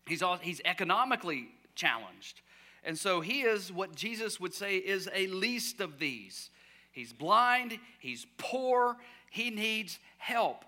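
A man preaching a sermon as pastor, telling the story with lively acted-out voices and shouted cries, sometimes dropping to a near-whisper. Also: high-pitched. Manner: drops to a soft near-whisper at quiet moments. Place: church sanctuary.

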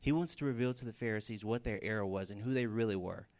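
A man preaching a sermon in a casual way, telling stories with lively bursts and everyday fillers. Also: on the low side, fast talker. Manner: casual, animated storytelling with fillers. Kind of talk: sermon with storytelling.

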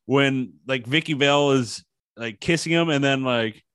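A man's voice: medium pitch, normal speed, fairly bright tone, smooth, dry recording. A man chatting casually about a movie, rambling with restarts and acting out quotes.

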